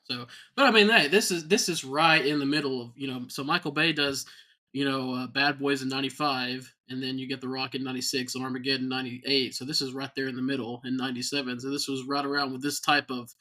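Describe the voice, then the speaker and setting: A man hosts a casual movie podcast in a bright, forceful voice. He talks in quick, animated bursts, laughing and restarting often. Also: medium pitch. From American South. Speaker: podcast host.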